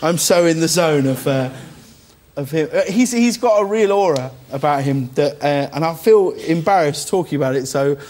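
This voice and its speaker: A man's voice: on the high side, expressive, moderate pace, darkish tone. A man from England, a talk show guest, chatting casually and self-mockingly with lots of stammered restarts. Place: TV studio.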